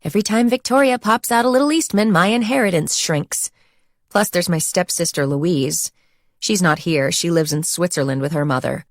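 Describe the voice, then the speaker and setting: A woman's voice: fairly low pitch, moderate pace, no room sound, clean studio sound, natural voice. A woman reading the part of a brash, impatient young college woman from a rich family, in a breezy, dismissive manner. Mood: breezy scornful.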